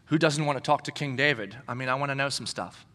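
A male pastor preaching a sermon with animated storytelling, swinging from loud to hushed whispers. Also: mid-range voice, fast. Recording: long reverb in a large hall.

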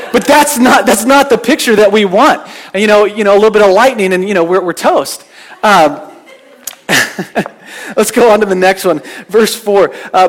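A man preaching a sermon in a conversational, storytelling way, often restarting his words. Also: high-pitched. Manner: conversational, anecdotal, repeats words when restarting. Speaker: pastor.

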